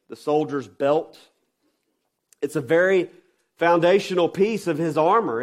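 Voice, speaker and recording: A pastor preaching a sermon, emphatic, with rhetorical questions and swings from loud stresses to quiet drops. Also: male voice, fairly high pitch.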